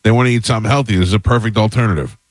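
A man's voice: on the low side, rapid-fire, dry recording, studio quality. A male radio host in casual chat, joking and teasing his guest.

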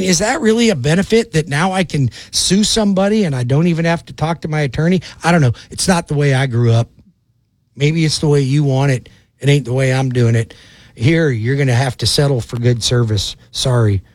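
A man giving a brash, folksy, rapid-fire sales pitch as a loan officer, acting out little phone calls. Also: a little mellow, no room sound. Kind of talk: direct-to-camera sales pitch.

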